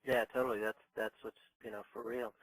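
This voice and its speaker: A man's voice: fairly low pitch, level tone, brisk, rough recording. A man interviewing a guest, asking questions with hesitant restarts. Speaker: radio interviewer.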